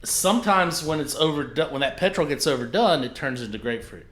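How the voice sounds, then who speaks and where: A man's voice: a little high, animated, brisk, a bit bright, reverberant. A man hosting a casual wine tasting chat, describing tasting notes with frequent laughs. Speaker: wine reviewer host.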